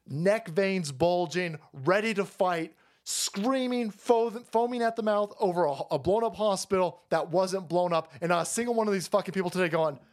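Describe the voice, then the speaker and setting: A foul-mouthed man hosting a stream, mocking and ranting loudly as he stumbles over his words. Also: sits high. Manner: loud, mocking, foul-mouthed, restarts a lot. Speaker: streamer host. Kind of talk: profane political rant.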